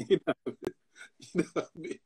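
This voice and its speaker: Crowd noise can be heard as a man in his fifties, a pastor, speaks at normal speed. He shares personal stories in a casual discussion, animatedly acting out the other people in them by doing their voices.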